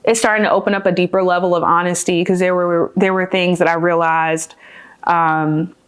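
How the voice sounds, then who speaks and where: An earnest woman in her thirties chats with her sister on a podcast, thinking aloud with fillers and restarts. Her voice sits a little low for a woman. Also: little pitch movement, normal speed, smooth. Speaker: podcast guest, older sister. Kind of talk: casual chat.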